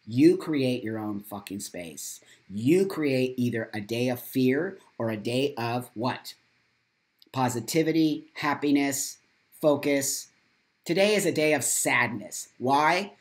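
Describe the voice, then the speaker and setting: A man's voice: medium pitch, animated, slow. Angry, profane man ranting on a livestream. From United States. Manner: angry, profane, emphatic and repetitive. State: upset and saddened. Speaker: live-stream host reading viewer comments. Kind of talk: morning live-stream commentary.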